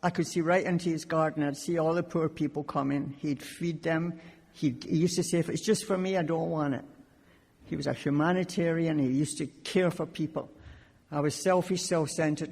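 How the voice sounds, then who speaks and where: A woman's voice: low-pitched, a little mellow. A woman from Scotland sharing her recovery story at a meeting, with wry, self-mocking humor. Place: large conference hall. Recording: long hall reverb.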